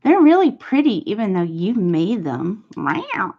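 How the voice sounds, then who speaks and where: A woman's voice: mid-range voice, very animated, normal speed, muffled recording. A woman streamer chatting casually while she paints, playfully teasing and answering her chat.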